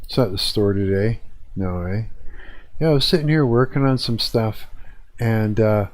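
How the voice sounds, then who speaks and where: A man's voice: lowish voice, moderate pace, a little mellow, no echo. A young man ranting casually and profanely to his live-stream viewers from his hot apartment, talking into a desk mic. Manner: profane, rambling, chatty with viewers. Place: hot apartment room with a fan. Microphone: desk mic at computer.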